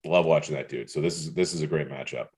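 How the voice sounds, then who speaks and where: Podcast co-host, man, very low voice, loose and profane, teasing. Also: fast, darkish tone, husky. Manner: swears casually, teasing banter. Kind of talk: casual sports chat.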